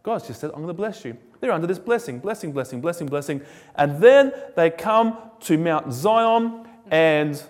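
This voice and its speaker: A man preaching a sermon in a casual, joking, animated storytelling way. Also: fairly high pitch, normal speed. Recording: echoey hall with long reverb.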